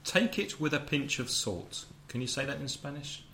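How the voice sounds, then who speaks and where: A man hosting a relaxed English-lesson podcast. He explains vocabulary step by step and drops in quick translations. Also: mid-range voice, slight background noise. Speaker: podcast host and English teacher. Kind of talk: casual teaching podcast.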